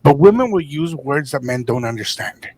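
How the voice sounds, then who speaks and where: A man's voice: medium pitch, lively intonation, moderate pace, darkish tone, dry recording. A man co-hosting a casual podcast conversation, joking and acting out both sides of everyday arguments.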